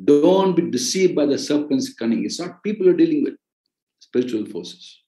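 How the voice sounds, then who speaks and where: A man's voice: on the high side, lively intonation, normal speed, mellow, reverberant, rough recording. A man with an Indian accent preaching in an earnest way, repeating key phrases for emphasis. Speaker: ministry president and preacher. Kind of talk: sermon-style teaching on a podcast.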